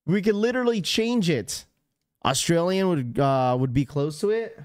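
A man's voice: on the high side, expressive, normal speed, a little mellow, dry recording, clean studio sound. A man hosting a live stream, talking casually and rambling to his chat. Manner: rambling, chatty, talks straight to chat. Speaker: livestream host.

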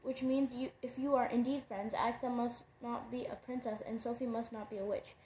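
A woman voicing a blunt, gloomy teenage girl in a flat manner, reading a storybook aloud. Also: fairly high pitch, brisk, slight background noise, lightly acted. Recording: roomy echo.

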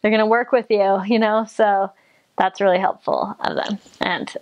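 A woman's voice: medium pitch, steady tone, moderate pace, lo-fi sound. A young woman from the United States, talking casually about her mission, chatty and giggly with many fillers. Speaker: returned missionary. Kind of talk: casual chat.

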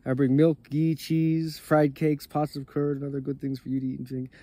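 A man's voice: medium pitch, little pitch movement, fairly quick, warm tone, close to an everyday voice. A man voicing a humble, devoted male shepherd, earnest and pleading in his lines.

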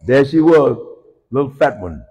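A male pastor preaching a sermon in a folksy storytelling way, swinging from hushed lines to shouted ones, heard in a church sanctuary. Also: medium pitch, big pitch swings, a little slow, breathy edge, dull audio. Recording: long church hall reverb.

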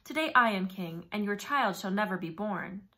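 A woman's voice: mid-range voice, lively intonation, moderate pace, bright, forceful tone. A woman reading a storybook aloud and voicing a scheming, cruel male god who purrs sly taunts. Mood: menacing.

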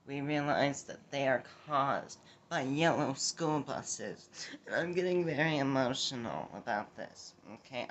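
A man's voice: mid-range voice, a bit bright, dull audio, slight background noise. A man doing a rambling woman politician. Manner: rambling, repeats "okay?". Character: rambling woman politician debating, scattered, emotional. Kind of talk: comedic impression sketch.

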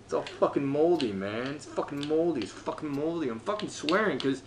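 A gameplay streamer commentates his own game, talking to himself, frustrated and swearing nonstop. He speaks briskly with few pauses, his pitch lively as he swings between muttering and yelling. A faint hiss or hum sits under the recording.

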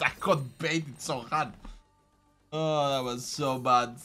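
A man giving live gameplay commentary, reacting excitably and shouting at times. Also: mid-range voice, slow pace, soft background music. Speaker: gameplay streamer.

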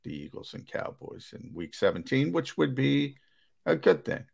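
A man's voice: medium pitch, big pitch swings, moderate pace, gravelly, darkish tone. A man co-hosting a sports talk show, conversational and hedging, with emphatic bursts. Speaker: sports radio co-host.

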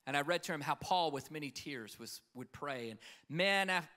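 Passionate male preacher, loud to hushed. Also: on the high side, expressive, moderate pace. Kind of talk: sermon. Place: conference hall stage.

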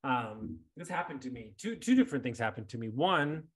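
A man in his thirties hosting a podcast, speaking in a casual, blunt way. He swears without a second thought and doubles up on words when he gets going. His voice sits at an ordinary middle pitch. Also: lively intonation, brisk, fairly bright tone, slightly rough. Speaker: podcast host.

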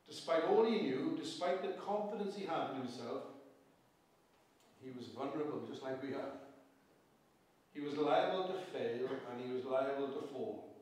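A man's voice: fairly high pitch, a little mellow. Man preaching, Pembrokeshire Welsh accent, echoey church. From Pembrokeshire, Wales. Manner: earnest, with rhetorical questions and repeated phrases. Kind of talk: evening sermon. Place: church hall. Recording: very echoey church, distant mic.

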